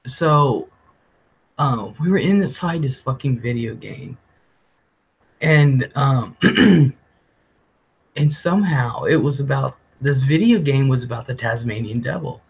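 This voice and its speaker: A man's voice: medium pitch, animated, slow pace, creaky, long pauses, slight background noise, poor audio. A man hosting a live stream, telling a rambling story casually, often laughing and swearing. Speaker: livestream host.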